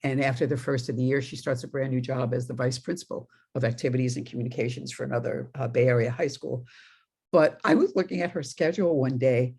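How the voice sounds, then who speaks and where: A woman's voice: very deep voice, fairly even intonation, quick pace, darkish tone, husky. A middle-aged woman minister from New York giving a conversational sermon, telling stories with laughing asides. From New York, USA.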